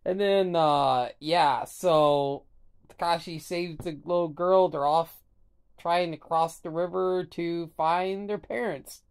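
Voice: mid-range voice, fairly even intonation, slow pace, clean tone. A sleepy vlogger casually recapping an anime episode, rambling and swearing freely with lots of fillers. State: sleepy, barely awake.

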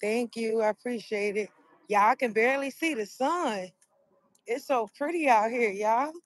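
A woman vlogger chatting casually with her viewers outdoors, explaining things slowly step by step and calling them y'all. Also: fairly high pitch, dry recording, clean studio sound. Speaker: mukbang vlogger.

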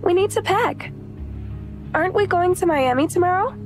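A bright, eager young wife who talks high and a little breathless, as a woman narrator puts her on. Her lines sit over soft background music in an audiobook. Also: normal speed. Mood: excited.

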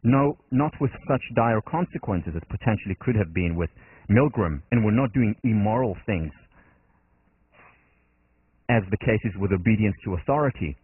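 A man's voice: lowish voice, animated, moderate pace, no room sound. Male lecturer, Israeli accent, earnest explainer, thin dry lo-fi recording. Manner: earnest, explanatory, acts out quotes in the story. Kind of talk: university lecture. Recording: dry, phone-like narrow band.

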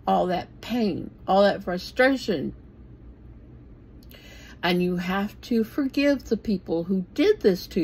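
Slow, blunt woman in her sixties. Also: medium pitch, creaky, a little mellow, husky, low-quality recording. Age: 60s. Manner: blunt and plainspoken, swears casually. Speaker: bible teacher. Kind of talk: informal bible talk.

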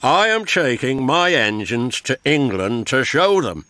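A man's voice: medium pitch, big pitch swings, unhurried, over loud music, pitched above the performer's own voice. A man voicing a stern, pompous male railway boss who gives orders in a storybook train tale. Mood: commanding. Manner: pompous, commanding.

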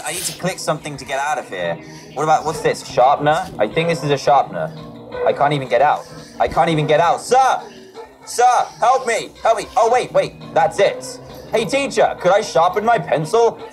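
A man playing a game and commenting, reading its text aloud with jokes to himself. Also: on the high side. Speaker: gaming video host. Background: background music.

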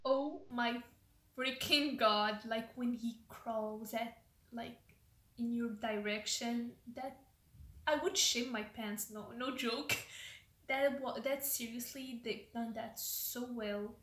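A woman's voice: fairly high pitch, steady tone, takes it slowly, a bit bright. A woman hosting a reaction video, rambling casually with lots of "like" and trailing off mid-sentence. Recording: roomy echo.

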